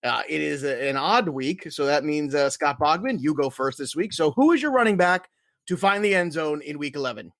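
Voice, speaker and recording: A man's voice: a little high, expressive, a little fast, a bit bright, dry recording, clean studio sound. Upbeat male fantasy sports podcast host. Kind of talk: casual sports talk.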